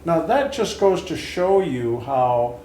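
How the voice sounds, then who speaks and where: A man in his seventies, hosting an interview and telling his own story in an earnest, halting way with frequent restarts. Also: a little high, sing-song, dark tone. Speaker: interview host and Vietnam veteran. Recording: roomy with faint hiss.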